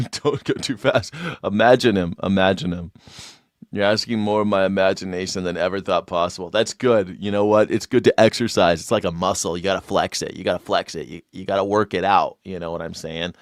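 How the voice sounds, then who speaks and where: A man's voice: low voice, fairly even intonation, fairly quick, no echo, clean studio sound. A man hosting a live stream in a sarcastic, mocking tone, laughing often and repeating his taunts.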